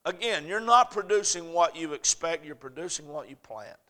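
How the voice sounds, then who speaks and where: Emphatic bright-voiced preacher man. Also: a little high, expressive, normal speed. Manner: emphatic, swinging between loud urgent points and soft storytelling. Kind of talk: sermon.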